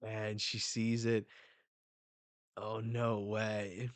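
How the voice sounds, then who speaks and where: Young male manga reactor, unhurried, dry room, blurts and swears. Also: fairly low pitch, no echo. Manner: excitable, swears, reads panels aloud. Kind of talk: live reading reaction.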